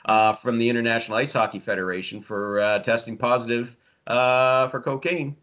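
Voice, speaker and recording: A man's voice: medium pitch, fairly even intonation, moderate pace, fairly bright tone. A man, a hockey writer, chatting casually about hockey with dry sarcasm and many fillers. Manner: sardonic, rambling, many fillers. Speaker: hockey writer and podcast regular. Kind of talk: casual sports chat.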